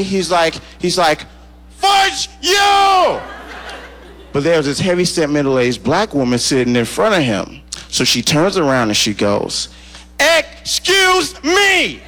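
A man's voice: a little high, background noise. A man telling a story in a stand-up routine, acting out the people in it. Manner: animated storyteller acting out characters. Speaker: stand-up comedian.

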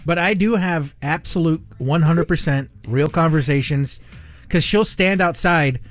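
A man's voice: on the high side, a little slow, dry recording. A man co-hosting a morning radio chat, laid-back and chatty, laughing easily. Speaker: radio co-host.

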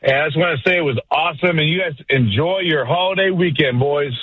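A man's voice: a little high, fast talker, breathy edge, no room sound. A man calling in to a sports radio show, laid-back and slangy, full of praise. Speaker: caller. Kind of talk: casual call-in. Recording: dull lo-fi phone line.

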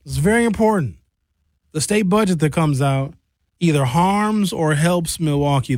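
Animated male radio host, dry studio sound. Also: on the high side, dry recording. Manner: animated, opinionated, acts out quoted voices. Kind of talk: casual talk radio banter and commentary.

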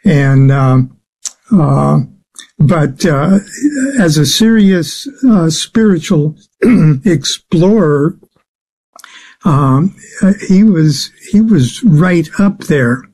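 A man with a fairly high voice talks slowly and haltingly as an interview guest. He fills his pauses with many "uh"s and restarts while he explains his subject at length. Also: a little mellow, husky. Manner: slow, halting, many filler sounds. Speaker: guest expert on the occult. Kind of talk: interview answers.

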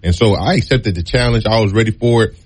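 A man talking through his football years in a casual interview. His voice sits low, and he tells it in a relaxed, storytelling way, putting on voices for the people he quotes. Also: quick pace, slightly rough. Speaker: guest, former college football player.

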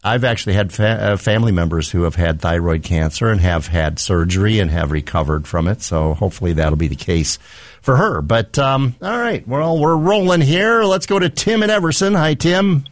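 A man hosts a call-in radio show in an easygoing way, answering callers with short, quick acknowledgements. His voice is very low. He speaks close to a studio mic with a dry sound. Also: lively intonation, dry recording. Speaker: radio talk show host.

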